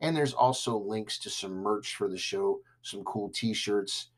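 A man hosting his own podcast, chatting casually and enthusiastically to listeners, joking as he runs through a playlist and shout-outs. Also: lowish voice, measured pace. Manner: upbeat, enthusiastic, jokey with listeners. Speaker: podcast host. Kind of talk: casual solo podcast talk.

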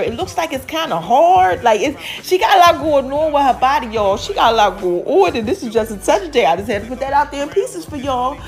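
High-voiced chatty woman recapping a show. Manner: chatty, animated, addresses listeners as y'all; acts out characters' lines with quick pitch jumps. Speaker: TV recap host. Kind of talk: casual TV episode recap.

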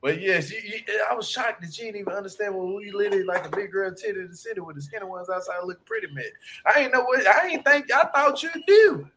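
A man's voice: sits high, animated, quick pace, sharp tone, slight background noise. A man from Louisiana with a Shreveport accent, chatting casually, laughing often and swearing freely. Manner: laughs often, loose and profane. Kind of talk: casual chat.

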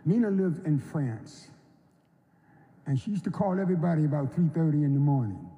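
A man in his seventies from North Carolina, giving an unhurried, folksy storytelling speech at an induction ceremony. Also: fairly high pitch, animated, warm tone. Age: 70s. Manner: unhurried, folksy, acts out quoted voices. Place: large hall. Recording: long reverb of a large hall.

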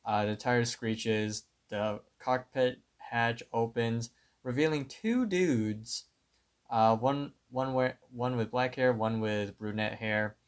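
A man co-hosting a podcast, retelling a cartoon episode in a plain, step-by-step way. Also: medium pitch. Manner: unhurried, plain play-by-play retelling. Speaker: podcast co-host. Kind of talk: casual episode recap.

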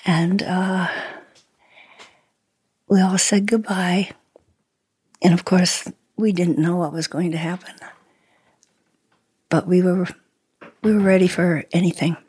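Older woman guest, eighties, husky and slow, soft-spoken, gravelly edge. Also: fairly low pitch, fairly even intonation, no echo. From Sweden. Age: 80s. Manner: soft-spoken, halting, laughs often. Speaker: interview guest. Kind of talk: reminiscing conversation.

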